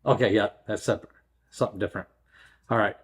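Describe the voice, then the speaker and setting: A man's voice: lowish voice, steady tone, quick pace. A middle-aged man hosting a story channel, chatting casually and rambling with many fillers and restarts. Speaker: host. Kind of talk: casual chat.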